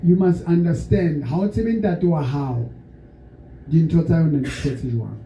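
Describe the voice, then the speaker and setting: A man's voice: fairly high pitch, measured pace, warm tone, muffled recording. A man preaching and leading a church service, switching languages and guiding the congregation through call-and-response prayer. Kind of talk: sermon and led prayer. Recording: echoey noisy church hall.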